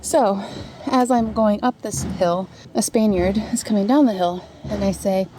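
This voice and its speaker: A woman's voice: medium pitch, measured pace, warm tone, slight background noise. A woman vlogging outdoors as she walks a trail, talking candidly and laughing often into a handheld camera. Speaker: vlogger hiking a long-distance trail. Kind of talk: casual vlog chat.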